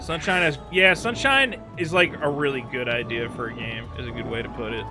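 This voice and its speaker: A man streaming a video game, chatting casually in a rambling, profane way with quick asides. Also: medium pitch. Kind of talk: casual gameplay chat. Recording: clear game music underneath. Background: game music.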